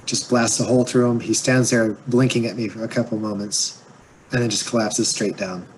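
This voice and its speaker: A man's voice: on the low side, level tone, a little fast, slight background noise, low-quality recording. Man vividly narrating his character's actions. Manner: vivid descriptive storytelling. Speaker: player. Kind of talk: in-character narration in a tabletop game.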